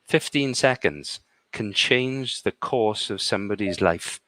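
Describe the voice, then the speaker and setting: A man's voice: lowish voice, expressive, a little slow, fairly bright tone, dry recording. A middle-aged man from the UK, a guest speaker in a live conversation, telling stories and checking in with "okay?". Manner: punctuates points with "okay?". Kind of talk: conversational storytelling.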